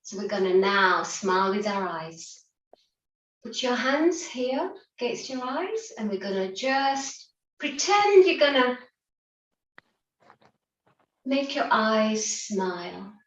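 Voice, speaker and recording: A woman's voice: on the high side, lively intonation, a little slow, dull audio. Upbeat woman leading laughter yoga. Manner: upbeat and encouraging, often breaking into laughter. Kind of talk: guiding an online group exercise session. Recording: roomy, distant from the mic.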